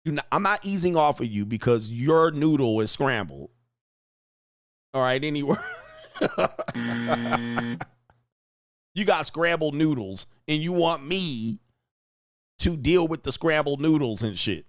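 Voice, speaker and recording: A man's voice: a little high, expressive, slow pace, pauses often, no room sound, clean studio sound. Brash profane man ranting to chat. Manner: brash, profane, loud rants with laughter. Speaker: online talk show host reading chat. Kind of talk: casual live-stream commentary.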